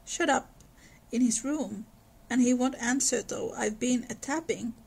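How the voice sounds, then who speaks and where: A woman's voice: on the high side, unhurried, vocal fry, darkish tone, husky, exaggerated voice, rough recording. A woman reading as a plain-spoken housemaid. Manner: countrified servant's grammar. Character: female housemaid, young, plain-spoken servant.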